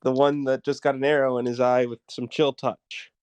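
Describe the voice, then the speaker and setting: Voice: mid-range voice, little pitch movement, normal speed, a little mellow, clear, resonant tone, dry recording. A player in a tabletop game, gleeful and profane when talking about their turn.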